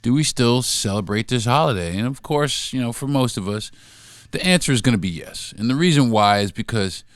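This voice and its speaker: A man's voice: medium pitch, animated, fairly quick, no echo. A man hosting a solo podcast, talking in an emphatic, repetitive, profane rant. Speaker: podcast host.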